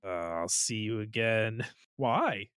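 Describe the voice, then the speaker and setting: A man's voice: lowish voice, slow, a bit bright, clear, resonant tone, dry recording, clean studio sound. A man co-hosting a podcast in casual chat, laughing often as he retells movie scenes. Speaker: podcast co-host.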